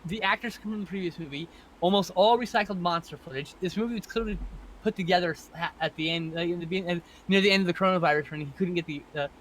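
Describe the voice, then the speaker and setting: A Canadian man who hosts a podcast talks fast in a slightly high voice, rambling and swearing as he trails off mid-thought. A faint hum sits under the recording. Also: fairly bright tone, low-quality recording. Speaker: podcast host. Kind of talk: casual chat.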